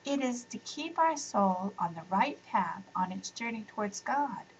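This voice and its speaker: A woman's voice: medium pitch, expressive, measured pace, recorded from a distance, highs cut off, slight background noise, close to an everyday voice. A woman voicing a kind, patient mother. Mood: gentle. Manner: gentle, quiet and explaining. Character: kind patient mother teaching her children.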